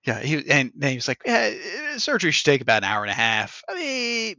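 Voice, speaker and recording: A man hosting a podcast in casual chat, telling an animated story and acting out what other people said, with laughs along the way. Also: medium pitch, fast, dry recording, lo-fi sound. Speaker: podcast host.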